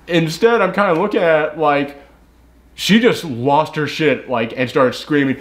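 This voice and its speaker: Slightly high-voiced man, profane movie reviewer. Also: big pitch swings, a little fast. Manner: swears freely, acts out characters' lines in quoted voices; rambling, frequent "like" and restarts. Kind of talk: casual movie review chat.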